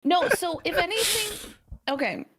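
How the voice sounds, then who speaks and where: A woman from the United States telling stories in a profane, animated, casual chat. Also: very high voice, unhurried, slight background noise. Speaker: host.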